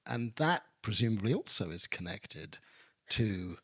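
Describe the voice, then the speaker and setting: A man interviewing an author on stage, asking measured questions with some hesitation. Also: on the low side, big pitch swings, a bit bright, breathy edge. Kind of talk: onstage interview. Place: arts venue, live audience.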